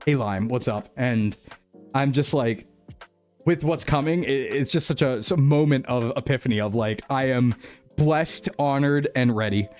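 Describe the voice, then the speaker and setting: A man's voice: medium pitch, normal speed, a little mellow, faint music behind. A young man streaming as a VTuber, chatting reflectively and rambling, repeating phrases and laughing often. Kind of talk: reflective casual stream chat.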